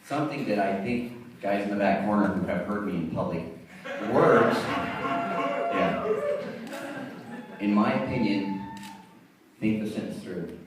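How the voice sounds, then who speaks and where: A man's voice: fairly low pitch, fairly quick, background noise. A middle-aged man giving a rambling, self-deprecating father-of-the-bride toast at a wedding. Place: wedding reception hall. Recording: echoey reception hall, distant mic.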